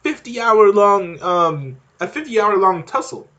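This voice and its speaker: Young male podcast host, rambling off-the-cuff monologue, animated and a bit high-voiced. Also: a little slow, highs cut off. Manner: rambling, frequent fillers and restarts, laughs while talking. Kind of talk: casual monologue.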